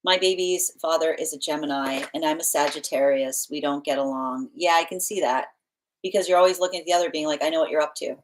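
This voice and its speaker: Chatty tarot reader, low voice. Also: female voice, fairly quick, slight background noise, poor audio. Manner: chatty, laughs often, many fillers and restarts. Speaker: tarot reader answering live chat. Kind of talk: casual live-stream chat.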